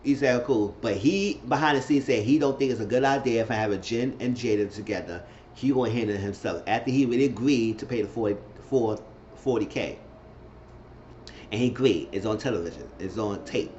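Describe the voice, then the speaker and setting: A man's voice: medium pitch, a little fast, darkish tone, muffled recording, slight background noise. Chatty man recapping a reality show. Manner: chatty, repeats himself, acts out quotes in shifting voices. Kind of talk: casual recap commentary.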